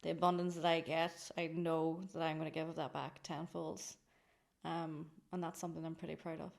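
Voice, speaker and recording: A woman's voice: deep voice, level tone, normal speed, gravelly. Chatty, effusive Irish woman. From Ireland. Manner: chatty and effusive, laughs often. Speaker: guest, company founder. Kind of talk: casual podcast interview.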